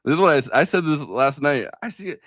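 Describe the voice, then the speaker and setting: A man's voice: on the high side, animated, fast talker, fairly bright tone, no echo. A man co-hosting a podcast, chatting casually about politics, rambling with fillers and restarts. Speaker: podcast co-host.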